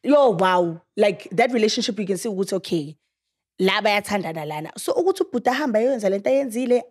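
Host: young South African woman, husky tone, chatty storyteller who acts out quotes. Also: medium pitch, fast talker. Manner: animated storytelling, acting out quotes. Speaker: podcast host. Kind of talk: casual chat.

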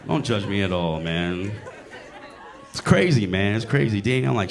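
A man in his late forties doing a crude, animated stand-up set in a comedy club, bantering with the audience. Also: on the low side, normal speed, gravelly, crowd noise. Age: 40s.

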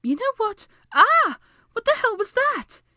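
A fretful young witch who can't help lecturing, put on by a woman reading a story aloud. Her voice is pitched up from the reader's own and sounds dry and close. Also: expressive, normal speed, darkish tone, dry recording. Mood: scared. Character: anxious know-it-all young witch. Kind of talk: audiobook character voice.

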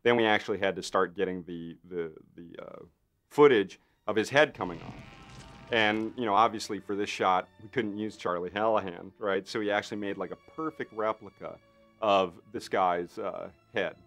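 A man's voice: on the low side, normal speed, faint music behind. A man in an interview, a special effects artist telling a behind-the-scenes story with lots of fillers and acted-out voices. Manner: animated storyteller, acts out others' lines with lots of fillers. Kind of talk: anecdotal interview.

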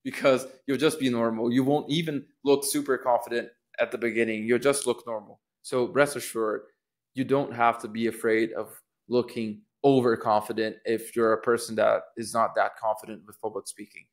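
A man's voice: mid-range voice, steady tone, moderate pace. A man teaching public speaking in a casual lesson, thinking aloud with restarts and acting out rising and falling intonation on sample phrases. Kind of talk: casual instructional talk.

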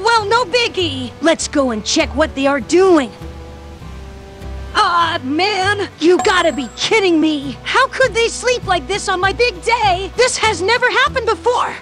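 A voice actor playing an eager, whiny twelve-year-old boy in a game machinima who talks to himself. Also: a bit bright. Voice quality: very high, squeaky childlike voice. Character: excited 12-year-old boy on his birthday.

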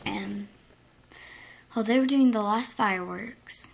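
A chatty female vlogger tells a dramatic story straight to camera, now and then slipping into a whisper. Her voice sits at an ordinary pitch for a woman. A steady hiss of background noise runs under her words. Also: slow pace, gravelly. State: injured ankle.

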